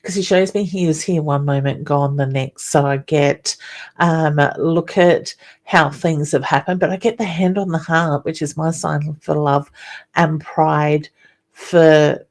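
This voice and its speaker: A middle-aged Australian woman with a low voice hosts a live psychic reading show. She speaks in a soothing, reassuring way, often calling people honey, and she chats casually between readings. She sounds like she is on a webcam mic. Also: fairly even intonation, a little slow, darkish tone.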